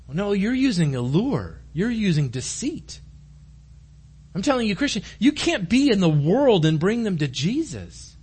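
A man's voice: sits high, sing-song, unhurried, a little mellow, husky. A man preaching a conversational sermon to his congregation in a church room, earnest and direct. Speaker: pastor.

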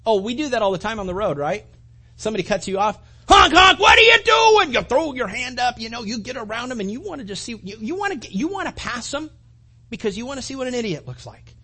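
A man preaching a conversational sermon, animated and full of restarts and acted-out asides. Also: extremely high pitch, fast talker, breathy edge. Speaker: pastor.

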